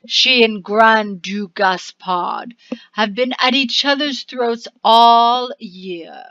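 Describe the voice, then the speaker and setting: A woman voicing a scornful, tipsy noblewoman sorceress in a video game, with a slow, measured courtly delivery. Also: fairly high pitch, a bit bright, no room sound, lo-fi sound. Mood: haughty.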